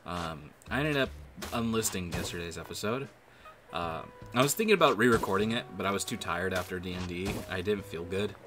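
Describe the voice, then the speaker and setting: A man's voice: sits low, fairly quick, noisy background. A man giving casual, rambling gameplay commentary, with lots of fillers and swearing. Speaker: gaming video creator. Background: background music.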